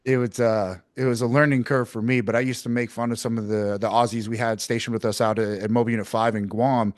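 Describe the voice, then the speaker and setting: A man hosting a podcast interview, chatty and energetic, laughing often as he talks. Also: medium pitch, quick pace, no room sound. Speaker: podcast host.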